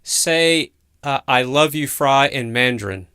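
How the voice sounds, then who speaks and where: Male livestream host, casual, curious and halting; bright, crisp tone. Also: mid-range voice, animated. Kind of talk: casual live chat.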